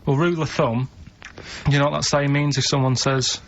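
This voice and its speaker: A man's voice: a little high, level tone, brisk, fairly bright tone. A man with a Manchester accent, a regular on a radio show, telling rambling stories in casual chat. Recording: dull lo-fi radio recording with background noise.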